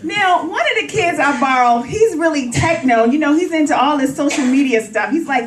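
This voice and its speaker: A woman performing clean stand-up comedy on a coffee house stage, talking straight to the crowd in an animated way. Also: high-pitched, moderate pace, few pauses, a little hiss or hum. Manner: animated, addresses crowd directly. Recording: roomy, from a distance.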